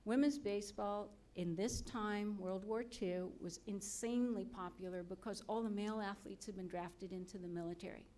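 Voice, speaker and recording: A woman's voice: medium pitch, steady tone, moderate pace, hardly any pauses, mellow. A woman on the medical school faculty giving an earnest, motivational ceremony speech into a podium mic, putting questions to the audience.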